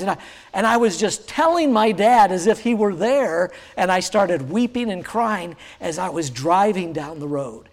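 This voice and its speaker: A pastor in his sixties, with a high voice for a man, preaches a sermon and expressively tells a personal story. He speaks haltingly, searching for words, full of fillers and restarts, while a long reverb from a large church hall makes his voice ring out.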